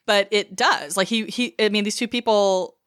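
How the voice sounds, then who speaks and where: Relaxed laughing woman, dry sound. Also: mid-range voice, a little slow, clear, resonant tone, no echo. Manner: relaxed, laughs often, lots of fillers. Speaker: podcast co-host. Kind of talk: casual book-club chat.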